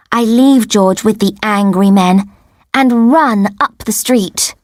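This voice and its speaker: A woman narrating a simple first-person story for English learners in a clear, deliberate way. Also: medium pitch, a little mellow, no room sound, studio quality. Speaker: audiobook narrator.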